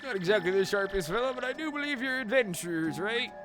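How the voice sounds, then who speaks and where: A man's voice: high voice, lively intonation, quick pace, over music, pitched above the performer's own voice. A man voicing a fretful, rambling elderly male town mayor, talking stiffly without moving his lips. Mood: worried. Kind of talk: reading game dialogue aloud in character.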